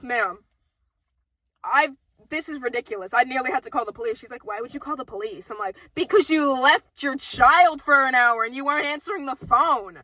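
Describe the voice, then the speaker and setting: A woman's voice: sits high, normal speed, dry recording. A young woman telling workplace stories in casual chat, swearing often and acting out the people she quotes. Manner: animated, swears a lot, acts out quoted people. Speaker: co-host telling work stories.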